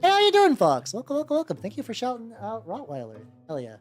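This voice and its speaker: A woman's voice: on the high side, wildly swooping pitch, fast talker. A woman streaming while she paints miniatures, rambling casually, swearing freely and greeting her chat by name. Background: faint background music.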